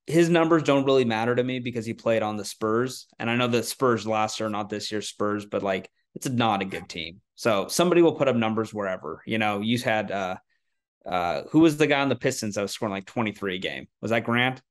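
A man's voice: fairly low pitch, fairly quick. A man on a sports podcast, chatting casually in a rambling, self-mocking way with many restarts.

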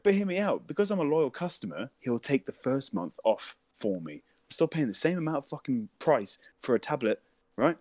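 Animated young British man telling a story. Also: medium pitch, normal speed, dry recording. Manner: animated storytelling, swearing, mimics voices and laughs. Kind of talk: casual chat.

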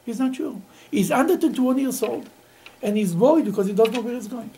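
A man teaching a Talmud class to students, telling stories in an animated way and laughing often. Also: very high-pitched, fairly quick, slight background noise, low-quality recording. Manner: animated, laughing, Yiddish-sprinkled storytelling.

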